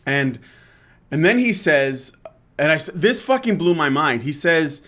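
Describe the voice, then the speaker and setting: Man ranting, higher-pitched and profane. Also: big pitch swings, unhurried, sharp tone. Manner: profane, exasperated, with frequent fillers and restarts. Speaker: podcast host. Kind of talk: heated casual rant.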